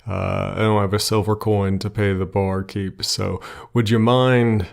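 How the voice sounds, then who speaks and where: A man's voice: fairly low pitch, little pitch movement, a little slow, creaky. A man voicing a sly, drunken old trickster who wheedles favors out of the devil. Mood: wheedling.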